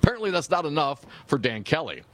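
A man's voice: on the high side, very animated, fast talker. A man from co-hosting political talk radio, wry and joking as he reads news. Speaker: radio talk show co-host.

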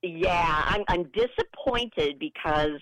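A middle-aged woman guesting on a radio show, friendly and quick to laugh. Her pitch rises and falls a lot as she tells stories. The sound is dry and close. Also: lively intonation, a bit bright, no echo, poor audio. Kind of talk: casual radio chat.

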